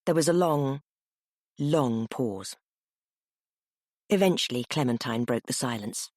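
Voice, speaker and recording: Low, husky woman narrating an audiobook. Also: normal speed, dry recording, clean studio sound. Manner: expressive, animated storytelling.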